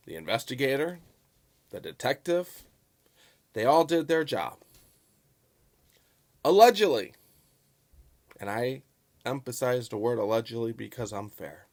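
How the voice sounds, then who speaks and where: A man commenting on a local news story in a vlog, stressing words over and over and swinging between loud bursts and quiet asides. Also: on the low side. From Chicago. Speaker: YouTube commentator. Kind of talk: profane political commentary vlog.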